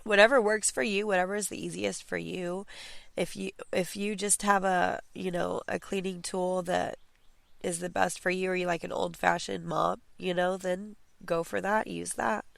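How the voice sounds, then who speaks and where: A woman's voice: lowish voice, level tone, normal speed, vocal fry, dry recording. A young adult woman hosting a casual clean-with-me podcast from home, chatty and encouraging, with many fillers and restarts. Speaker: podcast host.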